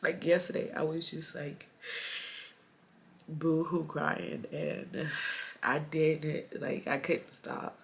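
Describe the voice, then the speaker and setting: A woman in her late twenties talking to camera in a personal vlog, soft and halting with sighs, holding back tears. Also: deep voice, creaky. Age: late 20s. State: tearful, holding back crying. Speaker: vlogger.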